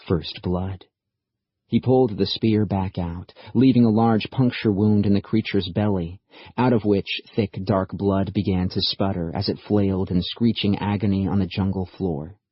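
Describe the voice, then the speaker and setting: Deep, husky male audiobook narrator. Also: no echo. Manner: steady, measured storytelling. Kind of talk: scripted narration. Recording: dry, slightly dull audiobook recording.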